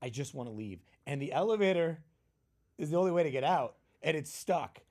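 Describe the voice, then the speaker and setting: A male comedian guest, telling stand-up stories in a punchy, animated way and acting out the people in them. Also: brisk. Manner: punchy storyteller, acts out quotes with big jumps in pitch. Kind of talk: animated storytelling chat.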